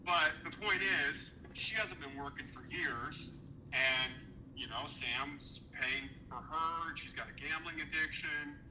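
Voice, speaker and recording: Man, indignant storyteller, profane, slightly high pitch, piercing bright tone. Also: unhurried, a little hiss or hum, low-quality recording. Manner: profane, indignant, acts out quoted dialogue. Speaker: podcast guest recounting a business dispute. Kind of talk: heated storytelling in an interview.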